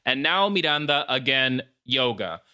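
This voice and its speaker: A man's voice: mid-range voice, a little slow, smooth, dry recording, studio quality. A man hosting a podcast, retelling a horror film words, swears and laughs mixed in. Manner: animated storyteller mixing in Spanish words, swears and laughs. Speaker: podcast host. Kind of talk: casual chat recapping a film.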